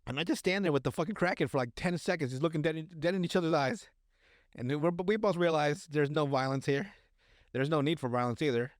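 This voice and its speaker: A man's voice: on the high side, quick pace, no room sound, clean studio sound. A man hosting a podcast, telling a story in casual, crude chat full of fillers and restarts. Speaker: podcast host.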